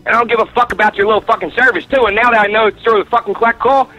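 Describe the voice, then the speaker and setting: Furious high-voiced man cursing on phone. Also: fairly even intonation, racing, dull audio, soft background music. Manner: profane, shouting, aggressive. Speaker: caller. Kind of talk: angry prank call argument.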